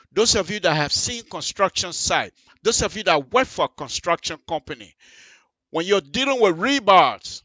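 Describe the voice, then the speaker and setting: A man hosting a live radio talk show, explaining at length to listeners in an animated, emphatic way, repeating himself and addressing them directly. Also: high voice, no room sound. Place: radio studio.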